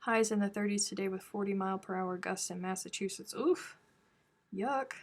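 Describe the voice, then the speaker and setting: Talking fast in a level, medium-pitched voice, this woman runs a crochet live stream from her home. She reads viewer comments aloud and keeps things casual, ribbing her viewers as she goes.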